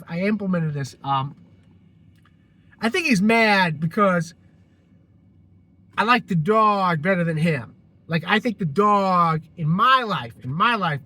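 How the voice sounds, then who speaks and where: Male vlogger, high bright voice, casual rant, stumbles and restarts, lots of cursing. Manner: rambling, restarts a lot, heavy swearing. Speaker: vlogger telling a personal story.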